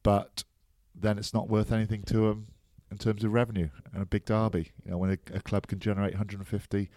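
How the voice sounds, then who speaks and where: Lowish guy chatting rugby on a podcast, jokey banter, dry close sound. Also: little pitch movement, fairly quick, warm tone, dry recording. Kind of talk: casual chat.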